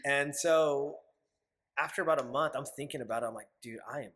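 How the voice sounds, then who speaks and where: A man's voice: medium pitch, a little fast, fairly bright tone. Candid young man telling stories. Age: 20s. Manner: candid, acts out his own past quotes, swears freely. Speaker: podcast guest. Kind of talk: casual storytelling interview.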